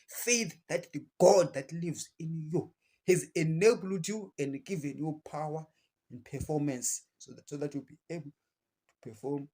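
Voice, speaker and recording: A man's voice: a little high, darkish tone. A man with a Zimbabwean accent giving an impassioned, preachy political address to camera, defiant and repeating phrases for emphasis. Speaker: political commentator.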